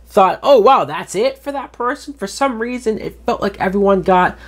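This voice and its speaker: A man's voice: high-pitched, animated, normal speed. A young man giving a casual spoken film review in an earnest, emotional way, with frequent swearing. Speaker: movie reviewer.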